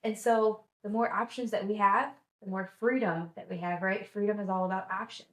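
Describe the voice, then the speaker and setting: A woman's voice: mid-range voice, steady tone, a little fast, reverberant, rough recording. A woman vlogging in a casual, enthusiastic, chatty way, full of "like"s and restarts. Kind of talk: casual chat.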